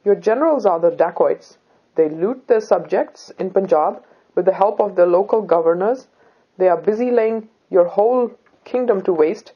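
A woman reading the part of a brave young Sikh woman who speaks calmly, politely and firmly. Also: medium pitch, moderate pace, husky, dull audio, natural voice. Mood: resolute. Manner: calm, polite, firm.

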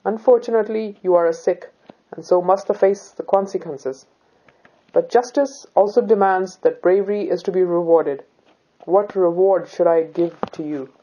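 A woman's voice: fairly low pitch, moderate pace, mellow, dull audio, lightly acted. A woman reading the part of a stern, commanding male ruler. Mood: imperious.

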